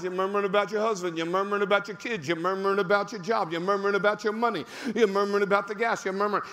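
A male pastor preaching a sermon, repeating phrases and breaking into sudden shouts for emphasis. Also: sits high. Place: large church sanctuary. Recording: long hall reverb.

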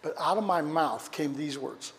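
Man preaching with animated storytelling. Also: fairly high pitch, normal speed, creaky, in a large hall, a little hiss or hum. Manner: animated storytelling, swings between loud and hushed. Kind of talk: sermon with personal story. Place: church sanctuary.

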